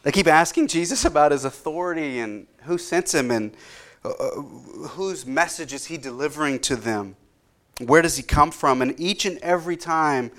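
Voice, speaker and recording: A man's voice: on the high side, a bit bright. A man in his thirties, a pastor delivering an earnest sermon that rises in intensity when he quotes scripture.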